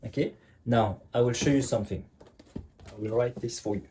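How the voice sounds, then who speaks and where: Male teacher, relaxed dark tone, patient classroom explaining. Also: mid-range voice, a little hiss or hum. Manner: repeats "ok" constantly, checks understanding, slow emphatic examples. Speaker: French teacher.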